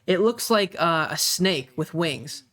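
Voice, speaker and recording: A young man narrating a tabletop game as game master, pausing often with ums and uhs. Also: fairly high pitch, expressive, fairly bright tone. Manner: halting, many ums and uhs.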